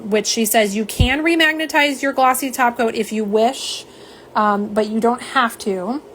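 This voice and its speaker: A fairly high-pitched woman comes through with a bit of hiss or hum. Hosting a nail polish livestream, she talks in a casual, chatty way straight to her viewers, calling them "y'all," and answers the comments she reads from chat.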